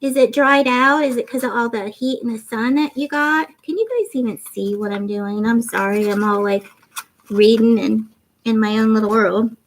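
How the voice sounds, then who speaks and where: A woman's voice: fairly high pitch, moderate pace. A woman in her fifties with faint Canadian and Southern traces, a tired, goofy livestream host chatting, giggling and reading viewer comments. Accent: mixed Canadian and Southern traces. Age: 50s.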